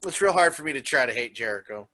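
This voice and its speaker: A man hosting a casual wrestling podcast, telling stories in an animated way and laughing often. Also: medium pitch, quick pace. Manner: animated storyteller who laughs a lot. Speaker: podcast host.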